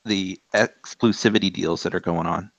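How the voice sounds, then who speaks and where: Young guy on a podcast, hesitant, restarts questions, lowish voice on a dull dry mic. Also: steady tone, normal speed, no room sound. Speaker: podcast co-host. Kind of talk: casual chat.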